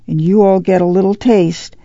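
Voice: mid-range voice, steady tone, normal speed, warm tone, no echo, lo-fi sound, close to an everyday voice. A reader voicing a weary, careworn mother in a poor migrant family, speaking in a folksy rural dialect. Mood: distressed.

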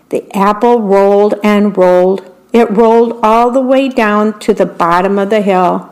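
Slow gentle woman reading bedtime stories. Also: medium pitch. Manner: gentle, describes the pictures for listeners. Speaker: volunteer radio reader.

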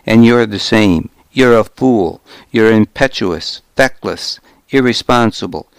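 Scheming old lord, snarling and contemptuous, read by a male narrator; low, slow. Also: vocal fry, clean tone, no room sound. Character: bitter scheming old uncle, defiant lord.

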